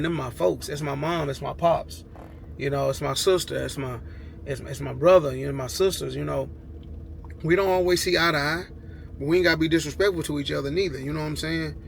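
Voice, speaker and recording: A man chats loosely for his car vlog, his voice gravelly and a little high. He rambles in a laid-back way and keeps saying "man." The recording is noisy, with dogs barking somewhere in the yard. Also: a bit bright. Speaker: car vlogger. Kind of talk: casual vlog talk. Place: outdoors at a garage with dogs.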